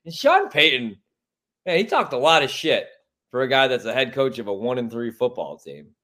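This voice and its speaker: Profane, animated sports talk man. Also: mid-range voice, moderate pace. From Chicago. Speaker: sports radio host. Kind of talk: casual sports chat.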